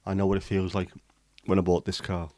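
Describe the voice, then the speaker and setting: Deep, flat-voiced man chatting. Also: a little fast, dry recording. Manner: rambling, jokey, chatting to viewers. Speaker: livestream host. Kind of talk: casual livestream chat.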